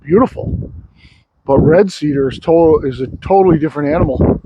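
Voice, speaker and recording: A man's voice: on the high side, fairly quick, lo-fi sound, background noise. A sawmill owner talking casually and bluntly, rambling and swearing freely while he shows off his wood. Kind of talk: casual vlog talk. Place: outdoor log yard.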